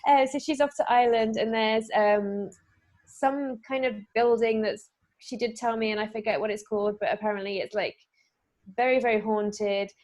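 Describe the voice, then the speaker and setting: A woman's voice: on the high side, steady tone, normal speed, a little mellow. An English woman, an actress guest in a casual interview, easygoing and full of fillers. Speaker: actress and paranormal investigator guest.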